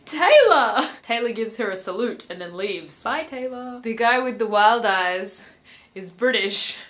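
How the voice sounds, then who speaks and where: A woman's voice: mid-range voice, measured pace. Sarcastic woman recapping a book. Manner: sarcastic, wry asides; animated, mock-excited outbursts. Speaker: vlogger.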